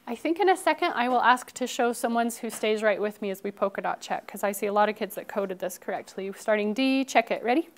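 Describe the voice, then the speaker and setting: Woman, young, first grade teacher. Bright, encouraging classroom delivery that draws words out. Slightly high voice, faint background noise. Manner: upbeat, encouraging, drawn-out modeling of sounds. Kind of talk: classroom phonics lesson. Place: elementary classroom.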